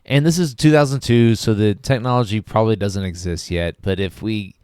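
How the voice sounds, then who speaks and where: A man's voice: lowish voice, a little fast, a little mellow, clear, resonant tone, no room sound, studio quality. A man co-hosting a podcast, hesitant and agreeable in casual movie review chat. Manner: hesitant, agreeable, laughs easily. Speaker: podcast co-host.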